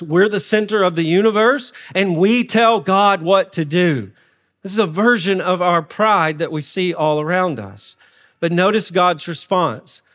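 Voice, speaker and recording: A male pastor preaches with humor and a lively, animated manner. His voice sits high for a man. The sound carries a long reverb from a large hall. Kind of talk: sermon.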